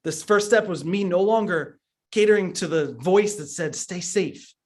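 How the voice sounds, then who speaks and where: A man's voice: high-pitched, normal speed. A man in his thirties giving an earnest motivational talk as a business trainer, telling his story with frequent stammered restarts.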